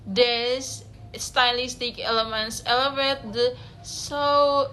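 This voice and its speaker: A woman's voice: a little high, slow pace, pushed and bright, faint music behind. A young woman, reading a class presentation aloud, carefully, with small slips and self-corrections. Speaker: student presenter.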